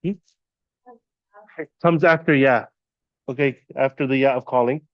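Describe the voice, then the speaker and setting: A man teaching a classroom lesson, patiently quizzing students and repeating terms slowly. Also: medium pitch, fairly even intonation, dry recording, highs cut off. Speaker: Arabic teacher. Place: classroom at an Islamic center.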